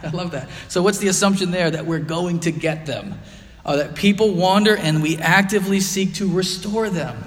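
Earnest pastor in a reverberant hall. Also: male voice, fairly high pitch, fairly quick. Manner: earnest, emphatic preaching with frequent fillers. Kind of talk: sermon.

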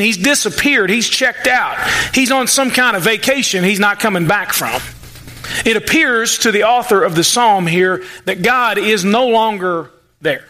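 Male pastor, high bright voice, chatty sermon delivery. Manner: conversational preaching, acts out the psalmist's voice.

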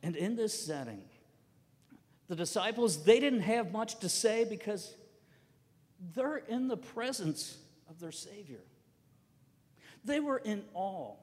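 A male pastor delivers a sermon in a high, lively voice that rises and falls a lot. He moves between loud punchy emphasis and hushed, quiet phrases. The sound carries a long reverb, as in a big hall. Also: takes it slowly, pauses often. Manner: animated storytelling preacher, swings between loud and soft.

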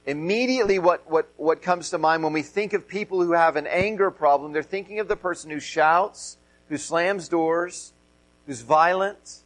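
A man's voice: fairly high pitch, normal speed, a bit bright, rough recording. Earnest male pastor preaching. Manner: earnest, repeats himself, stresses key phrases. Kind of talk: sermon.

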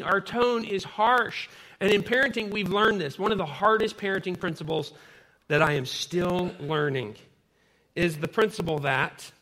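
A man's voice: high voice, bright, forceful tone. A man in his thirties preaching a sermon in a conversational way, telling personal stories. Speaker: pastor.

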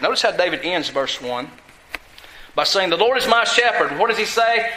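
A man's voice: a little high, moderate pace, sharp tone, roomy sound, a little hiss or hum, low-quality recording. A male pastor preaching a sermon, asking the congregation questions and repeating lines for emphasis.

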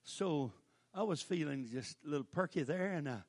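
An older man, preaching a folksy storytelling sermon that breaks into shouted praise. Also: fairly high pitch, lively intonation, normal speed.

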